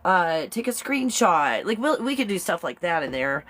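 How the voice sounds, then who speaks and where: A woman talking casually on a live stream, her voice sitting a little low for a woman. She rambles from thought to thought, gets excited easily and breaks into giggles often. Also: moderate pace. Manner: chatty and excitable. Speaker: live show host.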